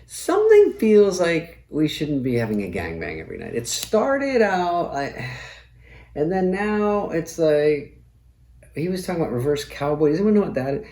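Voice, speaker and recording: A man's voice: a little high, wildly swooping pitch, normal speed, warm tone. A middle-aged man hosting a comedy show and delivering a profane, sardonic monologue. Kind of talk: comic monologue. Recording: roomy echo.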